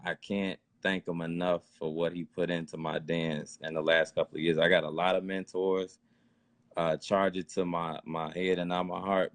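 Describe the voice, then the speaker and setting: A man, a guest dancer, giving thanks in a casual, halting way with many fillers. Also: low voice, no echo.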